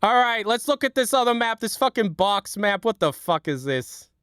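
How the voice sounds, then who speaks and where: A man's voice: high-pitched, big pitch swings, moderate pace, a bit bright, smooth, no room sound, studio quality. A man streaming casual, rambling commentary while exploring game maps, cursing and joking as he goes. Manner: rambling, profane, jokey.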